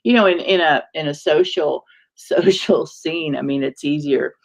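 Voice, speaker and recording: A woman with a heavily gravelly, creaky voice talks in a warm, halting conversational way. She pauses often and searches for her words. She sounds like a minister sharing something personal on a talk show. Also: low-pitched. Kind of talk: casual heartfelt conversation.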